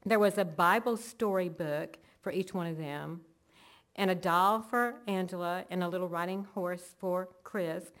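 A church member recounts her faith story earnestly and emotionally, linking event to event. Her voice is fairly low and a bit bright, and she speaks a little slowly.

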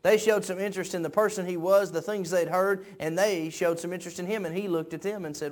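A man preaching a sermon, moving from quiet conversational talk up to shouted peaks, repeating phrases in a preacher's cadence. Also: sits high, steady tone, fast talker. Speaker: pastor.

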